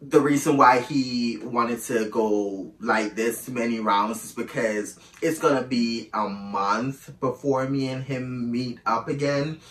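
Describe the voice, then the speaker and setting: A man's voice: mid-range voice, slow pace, few pauses, a bit bright, distant mic. Chatty man in an echoey room. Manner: chatty, candid, calls listener "girl". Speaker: storyteller. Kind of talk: casual storytime monologue.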